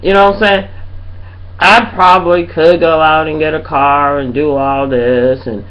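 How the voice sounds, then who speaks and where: A woman's voice: low-pitched, steady tone, a little slow, rough recording. A middle-aged woman ranting to her webcam in a rambling, profane way, often asking if you know what she's saying. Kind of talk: casual rant to webcam.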